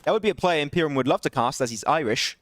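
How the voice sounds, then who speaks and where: A young man calls a mobile battle royale match by himself on a live stream. He talks quickly and climbs into excited shouts at the big plays. His voice sits high. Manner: excitable, rising to shouts at big plays, laughing apologies to chat. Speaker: esports caster. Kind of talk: solo live esports play-by-play.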